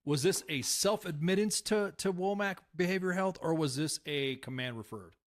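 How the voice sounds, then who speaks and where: An older man interviewing a guest, asking probing questions in a halting way that repeats words. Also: high-pitched. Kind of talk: casual interview.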